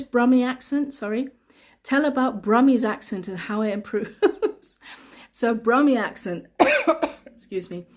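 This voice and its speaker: Reading learners' comments out on a live stream, a woman English teacher answers their questions patiently and repeats a lot. She has a mid-range voice with a darkish tone.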